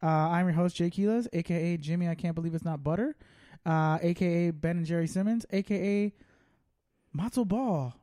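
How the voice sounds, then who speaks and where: Guy hosting a podcast, kinda high voice, cracking crude jokes, dead dry sound. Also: normal speed, warm tone, no room sound. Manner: joking, crude, riffs on silly nicknames. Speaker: podcast host. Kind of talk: casual chat.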